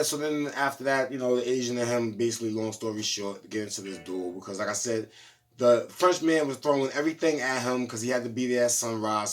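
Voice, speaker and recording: Dude doing a laid back movie review, slangy, rambling, keeps saying you know what im saying. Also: male voice, mid-range voice. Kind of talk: casual movie review monologue.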